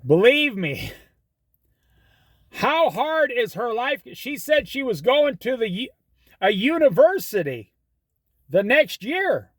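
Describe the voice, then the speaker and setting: A middle-aged man with a high, lively voice gives folksy, preachy advice and tells stories. The sound is dry and close, with no room around it. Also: takes it slowly, pauses often, no room sound. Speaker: host. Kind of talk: casual monologue.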